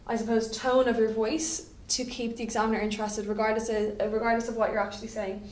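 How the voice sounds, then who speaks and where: A woman's voice: a little high, level tone, quick pace, a little mellow. A woman, giving a chatty classroom lecture as a French teacher and checking in with "okay?" often. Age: 20s. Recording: echoey room, voice from a distance.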